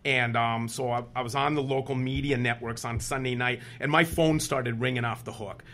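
In a conversational interview, a fifties-aged man from Wisconsin, a state senator who used to teach, tells lively stories and acts out other people's lines. He has a mid-range voice at a moderate pace.

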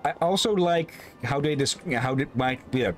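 A man's voice: a little high, moderate pace. A man streaming and casually commenting on a game, hesitant and restarting his sentences. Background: game audio.

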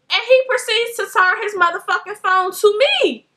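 Young woman, high bright voice, animated storytime vlogger. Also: normal speed. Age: young adult. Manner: animated, swearing, mimics voices. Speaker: beauty vlogger.

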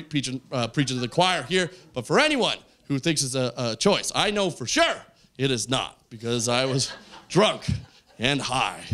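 A man doing a stand-up set on a club stage, telling a story with lively character voices. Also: medium pitch. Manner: animated storytelling, acts out characters. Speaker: stand-up comedian. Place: comedy club stage with audience.

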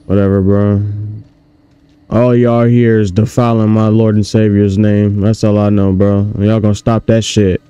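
A man giving casual, animated let's-play commentary on a horror game, chatting to his viewers in slang. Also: lowish voice, normal speed, hardly any pauses, smooth, no room sound. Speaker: gaming YouTuber.

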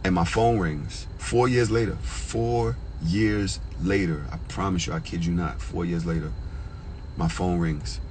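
A man telling a personal story in a casual, profane way. He gets choked up at times and jumps into a high, excited pitch when worked up. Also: normal speed, a little hiss or hum, low-quality recording. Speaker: storyteller vlogger.

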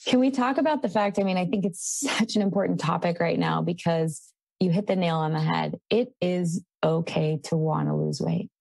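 A woman's voice: fairly low pitch, steady tone, normal speed, creaky, a little mellow, no echo. A woman hosting a podcast who speaks in an affirming, emphatic way. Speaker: podcast host. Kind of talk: casual interview talk.

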